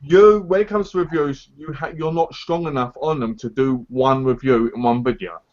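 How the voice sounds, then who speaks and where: A man's voice: medium pitch, fairly even intonation, normal speed, a little mellow, slight background noise. A man co-hosting a casual live chat, giving blunt, insistent advice in a lecturing tone. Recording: dull lo-fi stream audio.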